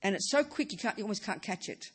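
A woman's voice: mid-range voice, expressive, quick pace, husky. A woman teaching a Buddhist dharma talk, who talks in bursts, repeats and restarts phrases, and keeps asking the listeners rhetorical questions.

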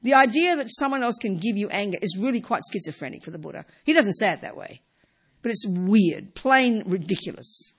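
A woman's voice: mid-range voice, expressive, fairly quick, slightly rough. A woman teaching a Buddhist lesson in an informal, emphatic way, often tossing in rhetorical tag questions and "you know" asides. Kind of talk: informal dharma talk.

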